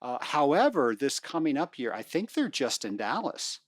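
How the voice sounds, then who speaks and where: A bubbly woman hosts her podcast with an animated, swooping delivery and plenty of playful teasing. The sound is dry and close, with no room around it. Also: normal speed, no echo. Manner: upbeat, playful, swings in pitch. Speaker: podcast host. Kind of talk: energetic podcast interview.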